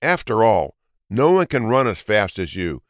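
A man's voice: fairly low pitch, big pitch swings, normal speed, no echo, clean studio sound. A man voicing a polite, earnest male hedgehog in a storybook reading. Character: polite short-legged male hedgehog, clever. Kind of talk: storybook narration.

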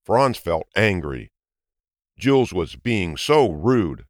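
A man reading a children's story aloud in an expressive, lilting way. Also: sits low, slow pace, no echo, clean studio sound. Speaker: narrator. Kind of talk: storybook narration.

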